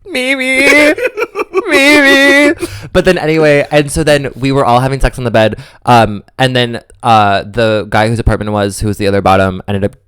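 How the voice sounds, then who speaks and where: A young man co-hosting a podcast, telling a long story in a campy, animated way and often acting out quoted voices. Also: fairly low pitch, fairly quick, hardly any pauses, clear, resonant tone, dry recording, studio quality. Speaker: podcast co-host. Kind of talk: casual chat, storytelling.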